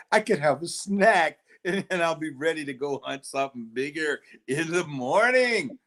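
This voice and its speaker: A man's voice: on the high side, expressive, a little slow, a bit bright. A man voicing a hungry male allosaurus that drawls and relishes the thought of a snack. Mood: savoring. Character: hungry gloating male allosaurus, savoring its prey.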